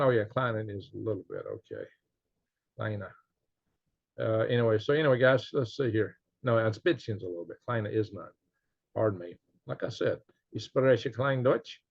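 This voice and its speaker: A man's voice: medium pitch, creaky, no echo. A man hosting his own channel, talking in a rambling, folksy way with lots of fillers and little chuckles. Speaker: channel host. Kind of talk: casual commentary. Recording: dry, slightly dull lo-fi sound.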